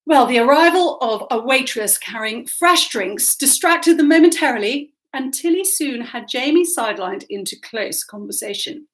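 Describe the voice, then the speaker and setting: A woman reading aloud from her own novel with a lively, expressive storytelling manner. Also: high voice, moderate pace, few pauses. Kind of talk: audiobook narration.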